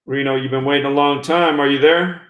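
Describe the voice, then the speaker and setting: Guy hosting call-in web radio, chatty and loose, mid pitch, echoey room. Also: steady tone, a little fast, fairly bright tone. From US West Coast. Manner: chatty, talks through technical trouble aloud. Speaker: radio show host. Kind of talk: call-in internet radio talk.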